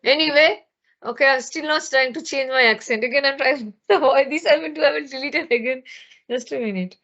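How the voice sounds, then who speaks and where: A spoken English teacher from Bengal, India, teaches an online grammar lesson through a laptop microphone. Her voice is high, brisk, and fairly bright, and she explains with many fillers and restarts. The recording is muffled.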